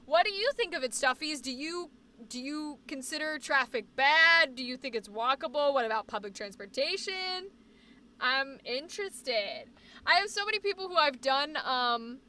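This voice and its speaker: A woman's voice: sits high, a little hiss or hum. A young woman from New England, with a faint Boston accent, hosting a casual livestream chat about where she likes to live. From New England (born in Boston, raised on the New Hampshire border). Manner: chatty and animated, fast bursts, trails off into fillers. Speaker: livestream host. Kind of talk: casual chat reading viewer comments.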